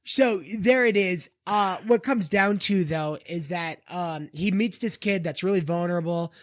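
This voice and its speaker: A man's voice: high-pitched, a little slow, dry recording, studio quality. A man hosting a comedy podcast, ranting animatedly with lots of swearing, fillers and restarts. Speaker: podcast host.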